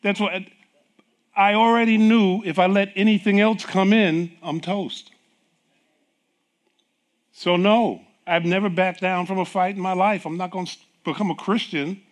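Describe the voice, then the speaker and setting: Animated male preacher, higher voice. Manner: animated storytelling with acted dialogue, laughing often. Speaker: pastor. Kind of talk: sermon.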